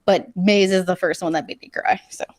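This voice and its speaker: A woman's voice: on the low side, fairly even intonation, a little fast, no room sound. Woman guesting on a stream chat, earnest and open, dry close mic. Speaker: show guest. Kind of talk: casual chat.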